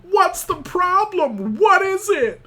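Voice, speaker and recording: A man voicing a silly caped vigilante hero in a strained, loud put-on voice. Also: extremely high pitch, sing-song, slow pace, pitched above the performer's own voice, full character voice. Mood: urgent. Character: comically squeaky male caped vigilante hero.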